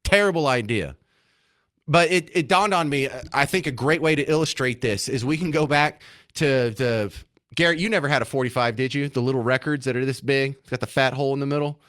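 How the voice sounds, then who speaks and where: A man's voice: medium pitch, fairly quick, no echo, clean studio sound. A man hosting a talk radio show, delivering an opinionated, sarcastic monologue. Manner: sarcastic, mocking, animated.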